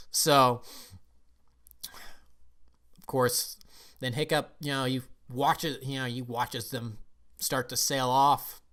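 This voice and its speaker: A man's voice: medium pitch, a bit bright. A man reviewing a movie in a casual recap, telling the story in a rambling, enthusiastic way with frequent restarts. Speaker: film reviewer.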